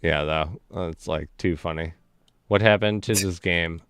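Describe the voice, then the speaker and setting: A man's voice: low-pitched, a little slow, fairly bright tone, smooth, dry recording, clean studio sound. A man hosting a gaming stream in casual chat, laughing often and swearing as he tells stories.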